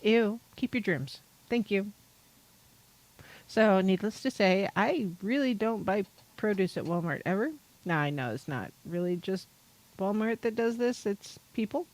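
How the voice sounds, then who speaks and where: A woman podcast host from North Idaho talks in a loose, rambling way and keeps trailing into fillers. She sounds exasperated and casual, with a voice of middling pitch. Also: animated, a little slow, darkish tone, low-quality recording. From North Idaho, United States. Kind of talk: casual chat.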